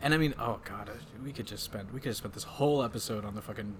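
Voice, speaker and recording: A man's voice: fairly low pitch, quick pace. Podcast guy rambling about a movie, swears a lot, faint background hiss. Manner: rambling, swearing, quotes lines in put-on voices. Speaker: podcast host. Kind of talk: casual chat.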